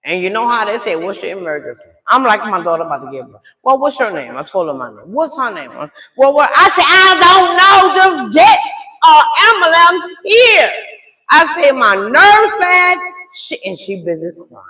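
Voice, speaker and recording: An older woman telling a dramatic story to her viewers in a chatty, animated way. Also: medium pitch, fairly quick, reverberant. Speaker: live streamer telling a story.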